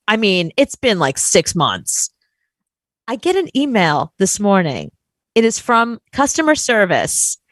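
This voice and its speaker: A woman co-hosting a chat show, telling a story in an animated, exasperated way and acting out quotes. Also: medium pitch, no room sound. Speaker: podcast co-host.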